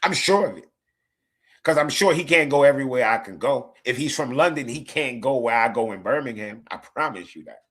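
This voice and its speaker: A man's voice: medium pitch, lively intonation, fairly quick, a bit bright. Laid-back New Jersey man streaming. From Newark, New Jersey, USA. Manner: loose, profane, laughs often, repeats himself. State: tired, yawning. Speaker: live stream host. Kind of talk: casual football watch-along chat.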